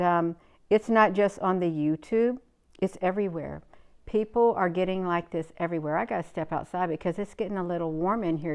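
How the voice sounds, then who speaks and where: Her voice is smooth and medium-pitched, recorded with no room sound. As a livestream host, she keeps things casual, answering viewer comments and driving points home with short, repeated bursts of emphasis.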